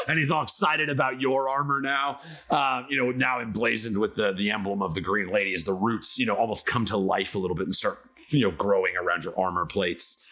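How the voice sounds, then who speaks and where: A man narrating a tabletop game as game master, casual and full of fillers. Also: medium pitch. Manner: casual, filler-heavy, lively storytelling.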